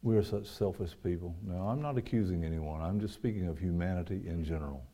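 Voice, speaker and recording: A man preaching a sermon, rising to loud emphatic peaks and dropping to quiet, low asides. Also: fast.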